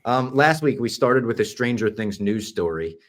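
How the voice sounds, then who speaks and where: A man hosting a podcast, chatting casually and enthusiastically, sometimes dropping to a hush for asides. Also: on the low side, animated, normal speed. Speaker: podcast host.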